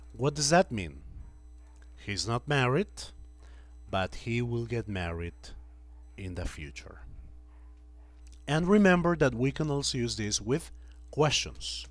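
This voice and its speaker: A man teaching English grammar to a class, slowly repeating each example sentence and checking in with the students. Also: mid-range voice, no echo.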